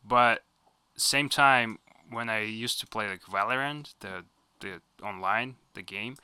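A man with a Russian accent speaking English as a second language, animated and swearing casually in chat. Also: lowish voice, slow pace, clear, resonant tone, dry recording.

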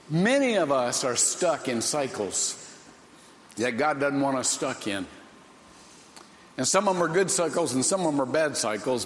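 A man preaching a sermon as pastor, slow and folksy, with dramatic pauses. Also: medium pitch, a little hiss or hum. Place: church sanctuary. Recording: echoey hall with long reverb.

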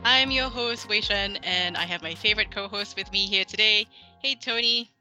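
Bright-voiced laughing podcast host, a man. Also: sits high, soft background music. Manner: laughs easily, halting with fillers. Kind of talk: casual podcast chat. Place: office in Hong Kong.

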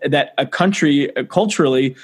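A man's voice: a little high, normal speed. A man hosting a podcast, asking curious questions and often restarting his sentences. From United States. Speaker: podcast host. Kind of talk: interview questions.

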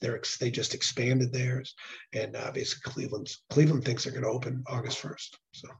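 Hoarse man talking earnestly. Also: medium pitch, steady tone, moderate pace, slight background noise. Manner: earnest, with frequent restarts and fillers. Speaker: nonprofit executive director. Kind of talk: casual interview talk. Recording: dull lo-fi sound.

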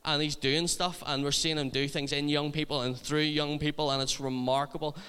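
A man's voice: a little high, flat delivery, brisk, bright, forceful tone, clear, resonant tone. Male youth preacher, chatty and funny, resonant voice with long hall echo. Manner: humorous, chatty anecdotes. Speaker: youth ministry leader. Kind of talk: sermon storytelling.

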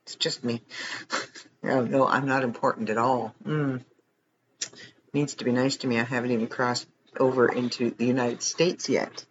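A man's voice: mid-range voice, little pitch movement, moderate pace, pauses often, dull audio, background noise. A man hosting a podcast late at night, tired and rambling, chatting casually with self-deprecating jokes and frequent chuckles. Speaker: podcast host. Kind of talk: casual chat.

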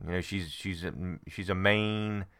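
A man's voice: sits low, steady tone, a little slow, a bit bright, smooth. A middle-aged man co-hosting a podcast, giving wrestling predictions in an emphatic, enthusiastic way with frequent restarts. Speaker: podcast co-host. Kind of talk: casual wrestling prediction chat.

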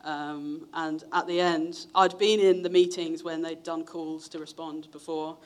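A young male preacher shares his testimony during a sermon in a conversational, storytelling way. His voice is clean and level, a bit slow, and he acts out the people he quotes with big leaps in pitch.

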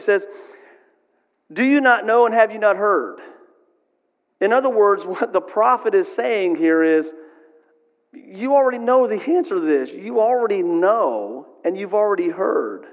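A man's voice: sits high, expressive, a little fast, big-room sound, lo-fi sound. A middle-aged man preaching a sermon in a church, conversational and asking the congregation "right?" often. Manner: conversational, asks the crowd "right?". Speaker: pastor.

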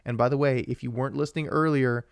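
Young male podcast co-host, excitable rambler, mid-pitched, dry close sound. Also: fast, vocal fry, clean tone, no echo. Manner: rambling and excitable, with frequent restarts and asides to viewers. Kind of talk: casual live-stream chat.

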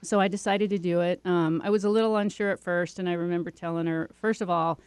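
A woman's voice: on the low side, fairly even intonation, fast, darkish tone, clear, resonant tone, no echo. A woman telling a personal story as an interview guest, chatty, with many fillers and restarts. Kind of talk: casual storytelling.

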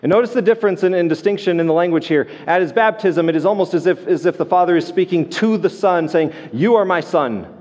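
A man delivers a sermon in a church in a conversational style, pausing, restarting and doubling words as he goes. His voice sits a bit higher than most men's. The sound rings with the long reverb of a large sanctuary. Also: a little mellow. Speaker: pastor.

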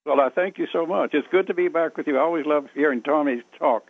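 An older man from Virginia talks with a radio host over the phone, genial and reminiscing, and he laughs easily. His voice has a gravelly edge. The line is dull and lo-fi, as if heard down a telephone. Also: on the high side, quick pace, no room sound. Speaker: guest.

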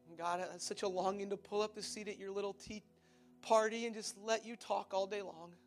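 A man preaching a sermon, speaking tenderly and pleadingly, often dropping to a soft, quiet voice. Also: sits high, fairly even intonation, fairly quick, soft background music. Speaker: pastor.

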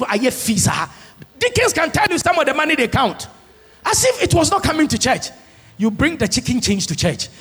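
A man preaches in a high, husky voice. He swings between quiet asides and shouted, half-sung lines. The sound rings with the long reverb of a large church hall. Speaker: pastor. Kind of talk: sermon.

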